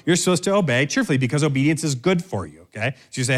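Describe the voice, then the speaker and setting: A man delivering sermon-style teaching at a mid pitch. He is direct and instructive and keeps repeating his key phrases for emphasis. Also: animated, rapid-fire, hardly any pauses.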